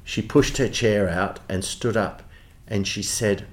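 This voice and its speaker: A man with an Australian accent, a theatre producer telling lively backstage anecdotes in an interview. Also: lowish voice, slow. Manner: animated storyteller, does voices in quotes.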